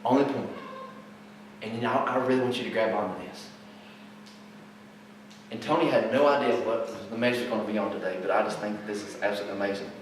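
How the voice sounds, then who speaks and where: A man's voice: fairly low pitch, fairly even intonation, quick pace, pauses often, a little hiss or hum. A man preaching a sermon, emphatic and fond of repeating rhetorical questions. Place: church sanctuary. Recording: very echoey hall, mic far off.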